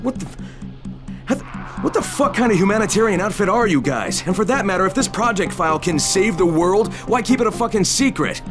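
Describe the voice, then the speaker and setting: Mid-pitched man, lively pitch, blunt defiant game hero, music behind. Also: fairly quick. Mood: angry. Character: tough male runner, blunt and defiant. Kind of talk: video game voice acting.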